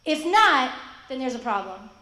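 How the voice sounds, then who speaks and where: A young woman giving an animated faith talk to high school students, asking questions and acting out quoted voices. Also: normal speed, roomy sound. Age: young adult. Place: school hall.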